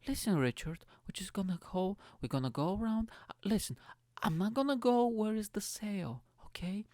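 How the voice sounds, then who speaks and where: A man's voice: high-pitched, expressive, moderate pace, darkish tone, no echo, studio quality, voice pushed up. A man with a Scouse accent playing a pushy young woman who coaxes her boyfriend into a shopping trip, crude and swearing constantly. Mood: coaxing.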